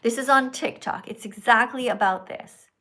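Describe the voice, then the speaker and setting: Woman livestream host, fairly high voice, animated and coaxing, speaks right to her viewers. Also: moderate pace. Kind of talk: live-stream chat reading donations.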